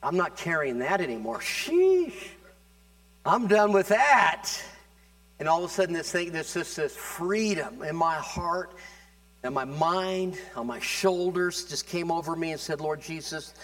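Higher-voiced man preaching with fervor. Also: normal speed. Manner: fervent preaching that swells louder and higher in passages; conversational, with repeated words and restarts. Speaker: pastor. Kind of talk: sermon.

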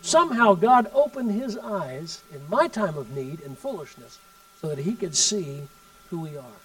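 A male preacher tells his story in a sermon. His voice sits fairly high, and he swings between loud emphatic bursts and hushed asides. The mic is some distance from him. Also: lively intonation, normal speed.

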